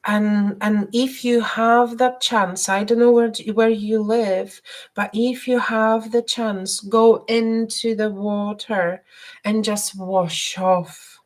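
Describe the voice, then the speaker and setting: A woman hosting a live stream and giving spiritual readings, talking gently with many hesitations and repeated words. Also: on the high side, steady tone, slow. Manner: soft and gentle, guiding breathing.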